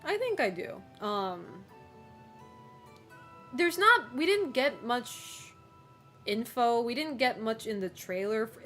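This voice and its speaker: A woman's voice: medium pitch, a bit bright. A woman streamer chatting casually with her viewers, rambling with lots of fillers and giggling often.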